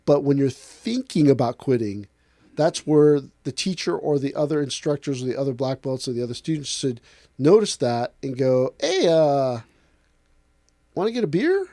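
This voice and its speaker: A man, an aikido instructor, in a casual podcast talk, telling lively stories and acting out other people's lines. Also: mid-range voice, moderate pace, no echo, studio quality. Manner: animated storyteller acting out other people's voices.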